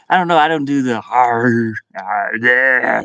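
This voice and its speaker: A man's voice: mid-range voice, vocal fry, pushed and bright, no room sound. A young man chatting casually to his live-stream viewers from inside his van, rambling, laughing often and restarting his words.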